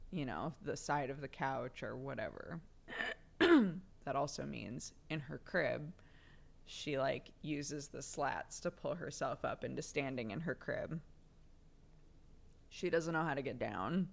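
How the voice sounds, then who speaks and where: Low-voiced, unhurried young woman streamer. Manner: chatty storytelling with frequent laughter and swearing. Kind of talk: casual chat.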